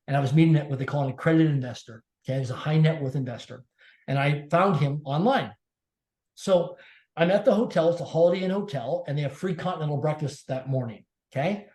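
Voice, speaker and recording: A man's voice: on the high side, darkish tone. Emphatic man with a raised voice, echoey. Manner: emphatic, repeats key phrases. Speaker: podcast guest. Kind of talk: personal storytelling in an interview. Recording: echoey room.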